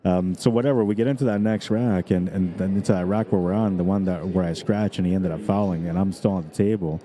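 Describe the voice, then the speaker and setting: A man's voice: low voice, steady tone, fast talker, warm tone. A man commentating a pool stream in a chatty, rambling way, his throat dried out from days of talking. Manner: rambling, chatty, many fillers. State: dry throat. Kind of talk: casual live commentary.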